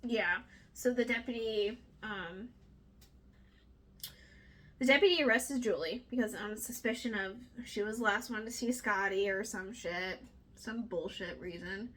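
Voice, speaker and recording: Chatty bright-voiced young woman. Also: mid-range voice, measured pace. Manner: chatty, animated, swears, acts out characters' lines. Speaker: book club co-host. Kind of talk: casual book discussion.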